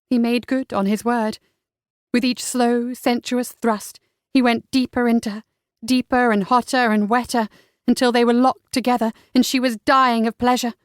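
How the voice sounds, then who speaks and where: A woman narrating a romance audiobook in an intimate, unhurried way. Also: a little high, level tone, clear, resonant tone, no echo, clean studio sound.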